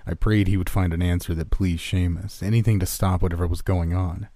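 A man reading a first-person horror story aloud in a low, steady, grim manner. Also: fairly quick, hardly any pauses, no echo.

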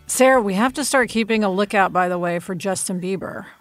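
A woman's voice: mid-range voice, brisk, soft background music. A woman co-hosting a podcast in casual chat, eager and full of fillers, recorded in a studio. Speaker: podcast co-host.

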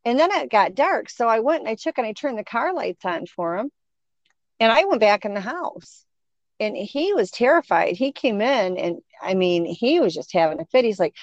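A woman's voice: mid-range voice, normal speed, no echo. Middle-aged woman, casual storyteller, acts out quotes, muffled close sound. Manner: animated, acts out quoted voices. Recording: dull, dry sound.

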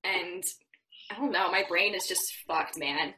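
A woman's voice: fairly low pitch, a little slow, pushed and bright, slight background noise, rough recording. A woman in her twenties co-hosting a podcast, candid and self-deprecating in casual chat. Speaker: podcast co-host.

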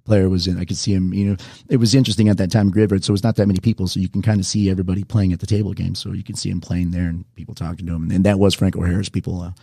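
Deep husky man telling rambling stories. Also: little pitch movement, racing, dark tone, no echo, clean studio sound. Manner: rambling, self-correcting anecdotes. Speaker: bartender. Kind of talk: casual storytelling to viewers.

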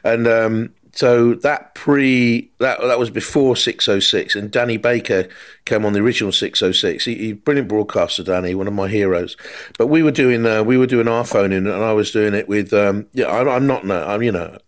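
A man, hosting a podcast and telling lively anecdotes in casual chat. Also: fairly low pitch, moderate pace. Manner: animated anecdote teller, mimics callers. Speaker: podcast host.

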